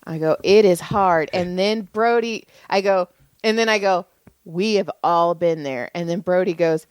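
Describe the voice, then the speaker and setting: A woman's voice: lowish voice, a little slow, smooth, no echo. A woman in her forties telling rambling, profane stories in casual chat as podcast co-host. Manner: rambling storyteller, swears freely.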